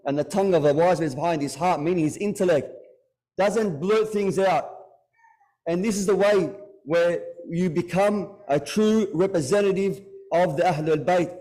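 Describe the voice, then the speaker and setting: A man delivering a Muharram majlis sermon in a fairly high but soft, mellow voice. He talks to the congregation in an easy conversational way, asking them questions as he goes. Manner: retells stories with acted dialogue. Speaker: religious lecturer.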